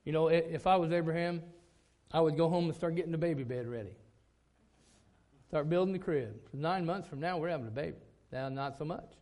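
A middle-aged man, a pastor preaching a sermon, telling a story that climbs to loud, emphatic peaks. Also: fairly high pitch, brisk.

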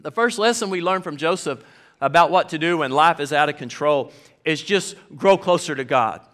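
A middle-aged man preaching a sermon as pastor, folksy and animated, talking straight to his congregation. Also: on the high side, moderate pace. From American South.

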